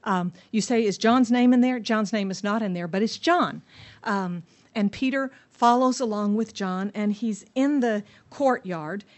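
A woman teaching a Bible passage to a group, telling the story in a lively way and asking her listeners questions. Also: medium pitch, a little slow. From United States.

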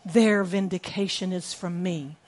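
A woman's voice: on the high side, sing-song, a little slow, pitched above the performer's own voice. A woman pastor voicing God as a reassuring male divine figure in a sermon, solemn and declarative.

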